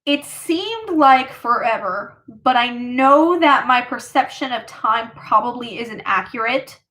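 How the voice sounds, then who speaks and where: A woman's voice: on the high side, animated, slow pace, sharp tone. A woman vlogger casually telling a personal story, rambling with lots of fillers.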